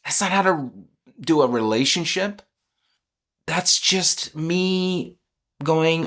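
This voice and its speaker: A man's voice: a little high, takes it slowly, pauses often. A man in his fifties speaking candidly and emotionally, questioning his own beliefs aloud in a reflective self-inquiry. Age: 50s. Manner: candid and vulnerable, with soft laughs. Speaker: channel host.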